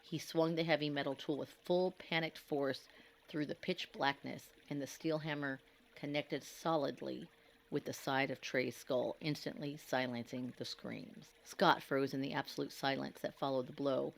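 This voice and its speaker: A woman narrating a scripted horror story in a grave, measured, dramatic way. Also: deep voice, creaky.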